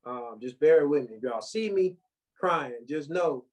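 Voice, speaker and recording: A man telling a personal story as a podcast guest, halting and full of restarts, close to tears. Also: fairly high pitch, expressive, darkish tone, low-quality recording. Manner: halting, many restarts and you-knows, holding back tears.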